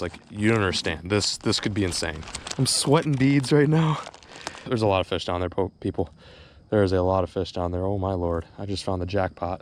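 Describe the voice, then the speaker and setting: A young man filming a fishing vlog on a riverbank, talking excitedly and stammering when a fish bites. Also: deep voice, slight background noise. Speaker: fishing vlogger. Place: outdoors on a river bank.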